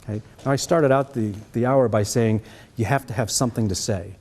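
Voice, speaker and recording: A man's voice: mid-range voice, a little fast, a little mellow. A middle-aged man with a Boston accent giving a trumpet master class, answering students' questions and checking in with "okay?".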